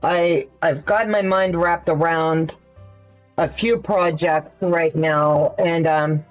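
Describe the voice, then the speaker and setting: A woman's voice: low voice, fairly even intonation, takes it slowly, faint music behind. A woman hosting a quilting livestream, thinking aloud in a chatty way and answering viewer questions as she sews. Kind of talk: casual live sewing demonstration.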